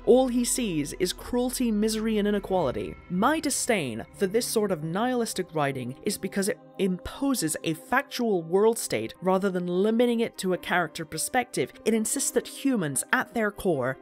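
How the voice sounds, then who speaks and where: A video essayist giving scripted commentary with sardonic, profane, mocking asides. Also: medium pitch.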